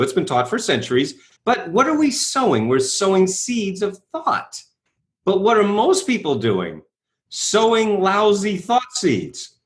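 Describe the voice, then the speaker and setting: A man being interviewed as a guest speaker, telling his story energetically, acting out quoted voices and often asking "right?". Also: high-pitched.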